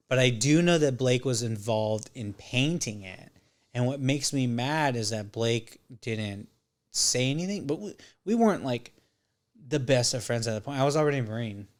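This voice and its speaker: A man in his thirties with a mid-pitched voice tells a rambling, profane story in a casual chat. He acts out other people's lines as he goes. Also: moderate pace. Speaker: podcast guest.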